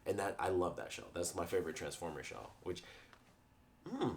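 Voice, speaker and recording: A young man talks through a review in a casual, meandering way. His voice sits on the low side. He laughs easily and circles back over his points. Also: moderate pace, a little hiss or hum. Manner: chatty, rambling, laughs often. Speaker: YouTube reviewer.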